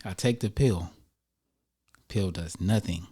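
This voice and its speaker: A man with a very low, mellow voice recounts a personal story for his vlog. He talks in a loose, slangy, conversational way. The delivery is laid-back storytime. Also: slow pace, husky. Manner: relaxed, conversational, slangy retelling. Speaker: vlogger telling a personal story. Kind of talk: casual storytime.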